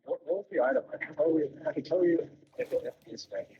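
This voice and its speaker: A man's voice: a little high, dark tone, slight background noise. Muffled man on a poor call mic. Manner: halting, stumbling restarts. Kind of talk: casual gaming chat. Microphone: poor-quality mic on voice call.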